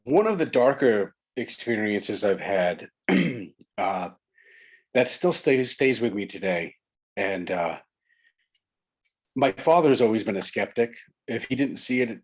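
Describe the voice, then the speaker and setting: A man's voice: lowish voice, lively intonation, a little slow, slightly rough. A man from Long Island, an author and guest, telling a ghost story in casual chat, building suspense through repetition. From Long Island, New York.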